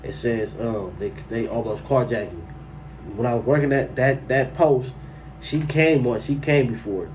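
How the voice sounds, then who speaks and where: A man's voice: medium pitch, unhurried, a little mellow, distant mic, slight background noise, rough recording. A man telling a personal story to camera in a casual, slangy way, breaking into incredulous outbursts.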